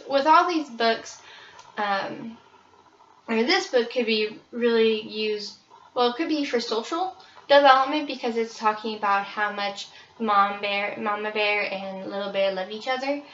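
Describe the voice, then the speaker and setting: A woman's voice: on the high side, unhurried, a bit bright, distant mic, a little hiss or hum. A young woman casually presenting children's books, with frequent ums. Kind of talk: book review presentation. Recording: roomy, slightly dull recording.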